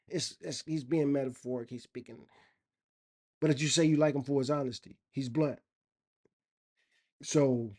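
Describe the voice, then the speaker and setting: A man's voice: a little high, mellow. A man vlogging in a rambling, opinionated casual monologue. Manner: rambling, opinionated, loose and conversational.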